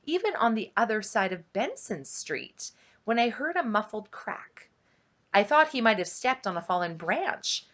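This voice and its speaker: A woman reading a novel aloud at home, unhurried and dramatic, dropping to a hush at tense moments. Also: medium pitch. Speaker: audiobook reader on her channel.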